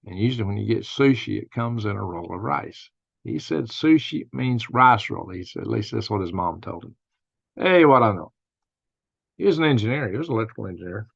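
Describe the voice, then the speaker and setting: A man's voice: on the low side, animated, fast talker, vocal fry, husky, dry recording, lo-fi sound. An older man hosting a casual live-stream, telling rambling stories and laughing at his own jokes. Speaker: host of a news and commentary stream.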